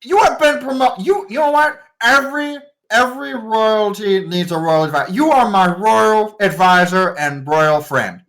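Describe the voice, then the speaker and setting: A woman voicing a dim, boastful young male king who is fawning and childishly excited. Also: mid-range voice, measured pace, few pauses, pitched above the performer's own voice.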